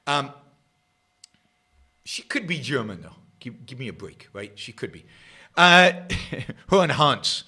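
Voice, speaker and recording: A middle-aged man hosting a political talk livestream, sarcastic and rambling, jumping between loud emphasis and quiet muttered asides. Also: medium pitch, sing-song, slow pace, long pauses, husky. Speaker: host of a political talk show. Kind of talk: livestream commentary.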